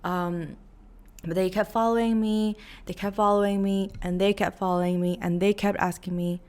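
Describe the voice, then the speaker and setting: A young woman from New York, telling a story in a chatty, animated vlog with many fillers and acted-out quotes. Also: medium pitch, moderate pace. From New York, USA. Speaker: vlogger.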